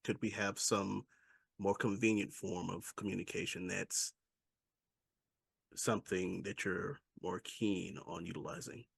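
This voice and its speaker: A man's voice: sits low, flat delivery, unhurried, gravelly, husky, no echo. A man playing a tabletop role-playing game, speaking formally and courteously in character. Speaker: player.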